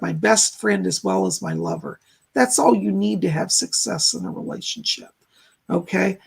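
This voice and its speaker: A man hosting a live stream as a psychic medium, giving casual readings and advice in a gentle, reassuring, chatty way. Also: high-pitched, gravelly, husky.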